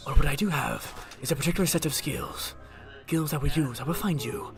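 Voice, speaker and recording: A young man doing an impression of a grim, measured man who issues cold, quiet threats. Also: fairly high pitch, vocal fry, over music. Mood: menacing.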